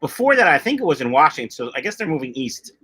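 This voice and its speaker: Talking fast with big pitch swings, this middle-aged man has a fairly high, fairly bright, slightly rough voice. He hosts a loose, jokey fish-keeping livestream, reading out viewer comments and wandering off the point.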